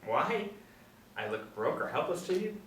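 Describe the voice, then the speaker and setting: A man reading the part of a boastful, folksy male drifter who calls himself a soldier of fortune, talking with swagger and sudden loud bursts. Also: on the high side, sing-song, a little slow. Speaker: table-read actor. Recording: roomy, distant mic, faint background hum.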